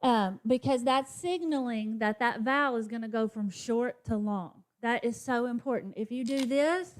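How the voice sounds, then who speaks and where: A woman's voice: on the high side, moderate pace. A woman teacher demonstrating a phonics lesson for other teachers, sounding out letters and modeling classroom chants. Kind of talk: professional development demonstration for teachers.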